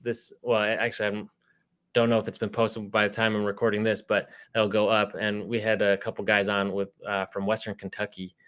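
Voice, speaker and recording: A man hosting a casual sports interview podcast, talking in a relaxed, rambling way with lots of fillers. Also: fairly low pitch, fairly quick, smooth. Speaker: podcast host.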